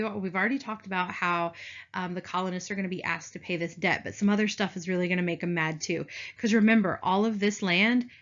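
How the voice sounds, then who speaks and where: A woman's voice: medium pitch, a bit bright. A young woman teaching a history video lecture in a chatty, playful way, often calling her students "you guys". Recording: dull lo-fi recording.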